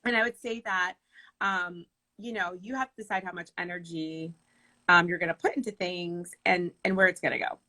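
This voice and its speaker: A woman wedding planner chatting casually in an interview, animated and laughing as she tells stories. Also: on the low side, moderate pace, low-quality recording. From Michigan.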